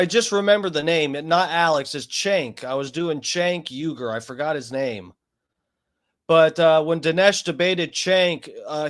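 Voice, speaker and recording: A man chatting over a debate on his live stream in a slightly higher-than-average voice. His remarks are offhand and loose, with swearing, and he often loses his thread mid-sentence. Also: fairly bright tone. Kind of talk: casual live-stream commentary.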